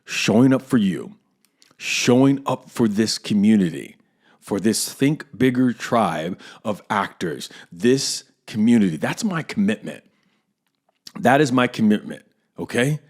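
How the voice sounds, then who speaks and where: A man with a fairly low voice speaks straight to his listeners as an acting coach hosting his own podcast. His tone is earnest and conversational, and he repeats key phrases to hammer them home. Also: lively intonation, unhurried. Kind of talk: casual podcast monologue.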